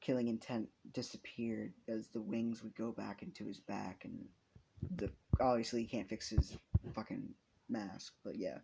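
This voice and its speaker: A man's voice: lowish voice, fairly even intonation, normal speed, vocal fry, dark tone, slight background noise. A young man improvising a fan story aloud, rambling and swearing, with frequent restarts.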